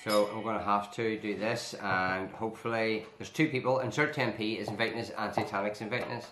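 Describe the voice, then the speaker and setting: A man chats casually while playing a mobile game with his family, talking through his picks with playful overconfidence. His voice sits low. The room sounds echoey, and music plays steadily behind him. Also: fairly even intonation, a little fast, fairly bright tone. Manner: chatty, talks himself through choices, mock-boastful. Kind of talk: casual gameplay chat.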